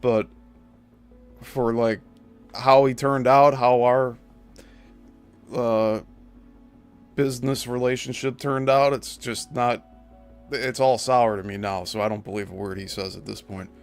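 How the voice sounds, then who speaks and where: A man of middle pitch chats in an easygoing way, reading out viewer comments between remarks. Faint music plays underneath. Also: fairly even intonation, measured pace, pauses often. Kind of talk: casual chat.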